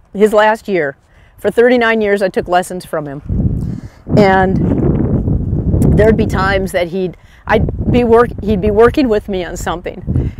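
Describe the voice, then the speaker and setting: A middle-aged woman golf pro telling personal stories at a teaching seminar, emotional and laughing often. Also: medium pitch. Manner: emotional, laughs often, slow reflective pace. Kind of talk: personal anecdotal presentation. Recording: noisy outdoor recording.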